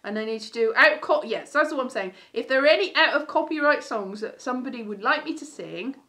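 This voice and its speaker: Young British woman, slightly high, rambly and self-deprecating live-stream chatter. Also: expressive, fairly quick, pushed and bright. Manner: rambling, self-mocking, trails off and restarts. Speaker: vlogger. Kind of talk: casual live-stream chat.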